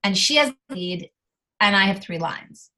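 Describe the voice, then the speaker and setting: Middle-aged woman, interview guest, animated candid storytelling, mid-range voice. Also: medium pitch, moderate pace. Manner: animated, acts out quoted dialogue.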